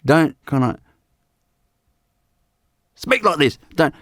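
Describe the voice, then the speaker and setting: A man giving a live spiritual talk as teacher, unhurried and repeating his phrases with many "you know"s. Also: medium pitch, expressive, vocal fry, darkish tone, dry recording, clean studio sound.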